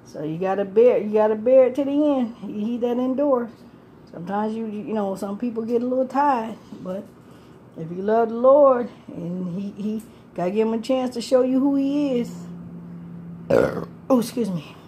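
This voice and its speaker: A woman with a mellow, dark tone tells her story in a loose, rambling way. She laughs often, swears freely and keeps circling back on herself. A faint hum of background noise sits behind her voice. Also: fairly high pitch, moderate pace. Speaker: homeless person telling her story. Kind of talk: casual rambling street talk.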